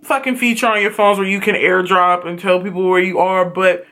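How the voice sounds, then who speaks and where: A woman reviewing a TV series in a casual, animated recap, swearing freely and telling it dramatically. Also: medium pitch, fairly quick. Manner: excitable, profane, dramatic storytelling.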